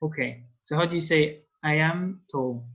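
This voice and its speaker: Dull, lo-fi call audio carries a man tutoring French in an online class by video call, coaxing students along patiently step by step; French is his native language. His voice is on the high side and a bit bright, at normal speed.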